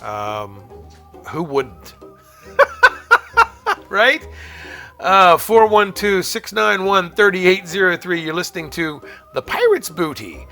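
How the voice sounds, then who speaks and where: A man's voice: sits high, lively intonation, slow pace, long pauses, sharp tone, soft background music. A man hosting a call-in aftershow podcast, talking in a chatty, upbeat, rambling way with fillers and laughs between calls and sponsor reads. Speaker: podcast host taking phone calls. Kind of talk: casual radio-style chat and sponsor reads.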